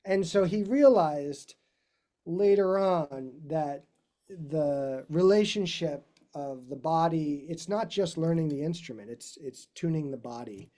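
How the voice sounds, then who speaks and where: Rambling, mellow-voiced male guitarist. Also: a little high, slow pace. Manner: rambling, warm asides and self-corrections. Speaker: guest speaker, classical guitarist. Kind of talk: casual career talk.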